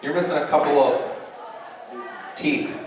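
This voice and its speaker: A man's voice: fairly high pitch, fairly even intonation, a little slow, crowd noise, noisy background. A man doing stand-up comedy at a convention panel, telling loose stories with lots of fillers. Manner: loose storytelling with frequent fillers. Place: convention panel room with audience. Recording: echoey room recorded from far.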